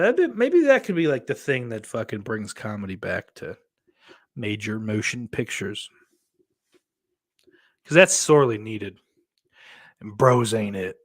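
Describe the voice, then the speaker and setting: A man hosting a solo podcast in a loose, rambling way, cursing constantly and poking fun at himself. His pitch swings widely as he reacts to viewer comments. He sits at a mid pitch for a man. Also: very animated, a little slow, pauses often. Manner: rambling and heavily profane, self-mocking. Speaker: podcast host.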